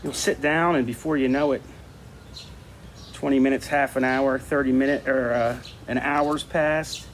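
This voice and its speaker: An easygoing man gives a relaxed, chatty art lesson and thinks out loud as he works on a craft project. His voice sits at an ordinary middle pitch. Faint room noise hums underneath. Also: measured pace. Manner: easygoing, thinks aloud while drawing. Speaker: art teacher. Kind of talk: casual talk-along art lesson.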